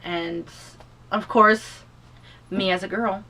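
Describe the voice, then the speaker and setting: A woman vlogger talks through a personal story in a loose, rambling way, full of "you know" and restarts. She sounds emotional, like she's holding back tears. Her mid-pitched voice sits away from the microphone, so it sounds a little distant. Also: steady tone, slow, pushed and bright. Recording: voice distant from the mic.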